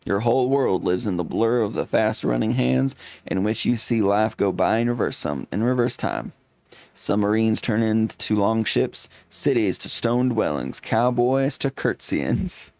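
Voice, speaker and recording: A man's voice: fairly low pitch, animated, moderate pace, gravelly, a little mellow, dry recording. A man streaming a game, reading its text aloud with dramatic flair and playful asides.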